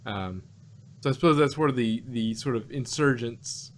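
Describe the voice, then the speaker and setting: A man's voice: medium pitch, moderate pace, a little hiss or hum. A man co-hosting a casual review podcast, thinking aloud with lots of fillers and restarts. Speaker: podcast co-host.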